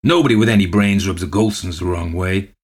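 A man's voice: low voice, brisk. A man voicing a coarse, half-drunk male loafer who growls and jeers. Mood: jeering. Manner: growling, jeering, chanting.

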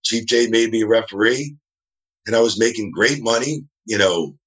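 Speaking from home over video call, this New Jersey wrestling referee has a voice on the low side, a bit bright, and a moderate pace. As a guest in a casual interview, he spins rambling stories and imitates the people he quotes.

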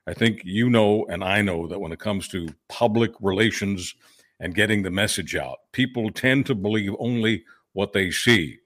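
A man's voice: on the low side, normal speed, fairly bright tone, dry recording, clean studio sound. A man co-hosting a podcast, brash and punchy in delivery. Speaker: co-host. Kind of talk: podcast talk.

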